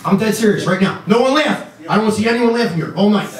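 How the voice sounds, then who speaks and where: A man doing a stand-up comedy set in a small club, ranting in an animated, exasperated way to the audience. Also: high-pitched, quick pace. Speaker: stand-up comic. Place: small club or bar, indoors. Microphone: stage microphone. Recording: roomy bar sound, mic at a distance, crowd laughter.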